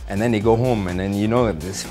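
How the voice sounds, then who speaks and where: A man's voice: on the low side, brisk, music in the background. A man with a Singaporean English accent hosting a comedic web news show, jokey and rambling with many fillers. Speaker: host.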